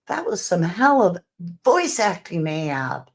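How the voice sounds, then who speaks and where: A woman hosts true crime commentary in a low, unhurried voice. She reads out messages and poses speculative questions as she walks through the case. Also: big pitch swings. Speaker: true crime channel host.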